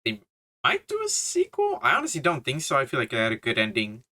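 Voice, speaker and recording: A man's voice: mid-range voice, wildly swooping pitch, fast talker, bright, forceful tone. A young man giving a casual, rambling movie review, full of slang, swearing and fillers. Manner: swears a lot, laughs, filler-heavy slang.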